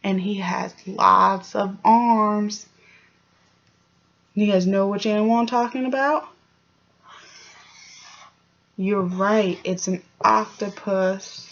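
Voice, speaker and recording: A woman teacher giving a clear early-grade phonics lesson, sounding out letters and asking the children encouraging questions. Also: mid-range voice, fairly even intonation, slow, pauses often, a bit bright, lo-fi sound. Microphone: home recording for online class.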